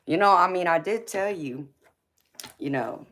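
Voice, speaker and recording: Slow, low-voiced woman calling viewers honey. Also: lively intonation, fairly bright tone. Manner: affectionate, calls viewers honey, baby and sweetheart; laughs often, teasing. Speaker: tarot reader hosting a live stream. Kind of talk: casual live-stream chat with viewers.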